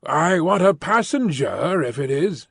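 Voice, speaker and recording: A man doing a hoarse messenger calling out. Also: fairly high pitch, big pitch swings, takes it slowly, no echo, clean studio sound, exaggerated voice. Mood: insistent. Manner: calling out, insistent.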